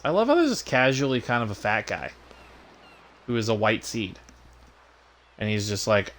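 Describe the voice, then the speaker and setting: A man's voice: fairly low pitch, big pitch swings, moderate pace, long pauses, a bit bright. A man streaming a game, reading the dialogue aloud and mocking the characters with casual profanity.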